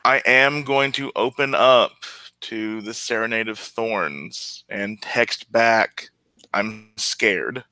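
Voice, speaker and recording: A man's voice: medium pitch, slow, sharp tone, smooth, no echo, low-quality recording. A man playing a tabletop role-playing game, describing his character hesitantly with many fillers. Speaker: player.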